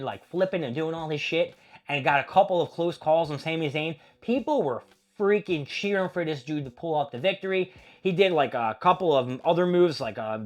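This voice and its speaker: A man hosting a casual wrestling recap, rambling and opinionated with plenty of swearing. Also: a little high. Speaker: host.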